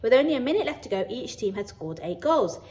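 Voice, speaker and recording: Brief: British woman, teacher reading a storybook to kids, bouncy pitch, warm expressive telling. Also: quick pace, a little hiss or hum. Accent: British English. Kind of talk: children's story read-aloud.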